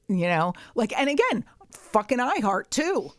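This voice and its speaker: A woman co-hosting a podcast tells comic stories bluntly and profanely, acting out both sides of each exchange in a casual comedic chat. Her mid-range voice has lively intonation and a slightly slow pace, recorded dry and clean in a studio.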